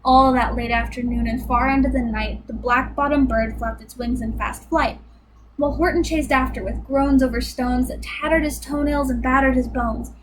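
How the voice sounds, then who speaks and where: A woman reading a rhyming picture book aloud in a rhythmic, expressive way. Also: high-pitched, moderate pace, noisy background. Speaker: storyteller.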